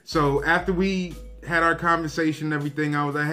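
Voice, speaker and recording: Animated, swearing man telling a story. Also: a little high, a little fast, few pauses, soft background music. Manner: animated, profane, acts out quotes. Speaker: vlogger. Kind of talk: casual storytelling to camera.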